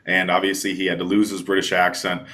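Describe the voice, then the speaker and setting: A man's voice: low voice, monotone, quick pace, pushed and bright, slight background noise. A man hosting a casual interview, asking friendly, meandering questions full of fillers. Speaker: interviewer, host.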